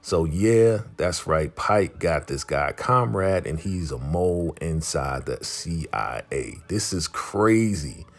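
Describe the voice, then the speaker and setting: A man's voice: sits low, lively intonation, slow, few pauses. A man vlogger giving a chatty, streetwise recap of a TV episode. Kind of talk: casual recap.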